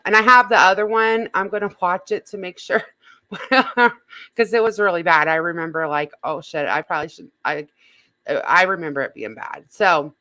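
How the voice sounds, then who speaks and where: A woman with a bright, clear voice talks her viewers through a casual livestream. She rambles, restarts her sentences and swears freely. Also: lowish voice. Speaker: YouTube drama commentary host.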